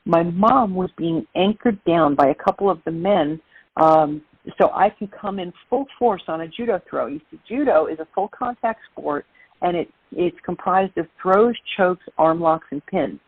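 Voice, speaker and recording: A middle-aged woman from Brooklyn, a guest telling lively stories in an interview. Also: lowish voice, moderate pace, husky, no room sound. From Brooklyn, New York. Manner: lively, animated storyteller. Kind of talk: interview storytelling. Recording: tinny phone-like line.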